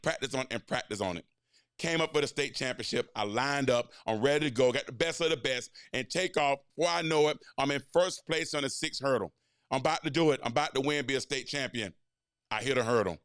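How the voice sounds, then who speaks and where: A middle-aged man, a coach telling a motivational life story in a dramatic way, jumping from loud excitement to low, quiet lines. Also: dry recording, clean studio sound. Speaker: coach and podcast host.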